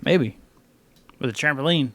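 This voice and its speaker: A man's voice: on the high side, a little slow, fairly bright tone, no room sound. A man co-hosting a sports podcast, rambling and joking with many fillers. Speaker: podcast co-host. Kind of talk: casual chat.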